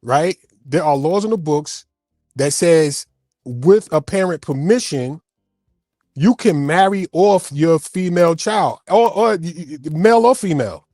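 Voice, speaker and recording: A man's voice: a little high, expressive, measured pace, darkish tone, dry recording, studio quality, faint music behind. A man speaking as a guest in a heated panel debate, emotional and stammering, repeating himself.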